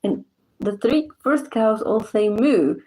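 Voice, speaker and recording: A woman's voice: fairly high pitch, expressive, slow pace, a little mellow, rough recording. A young woman from southern Morocco with a Moroccan accent, chatting casually in a vlog and laughing often. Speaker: vlogger. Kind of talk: casual chat.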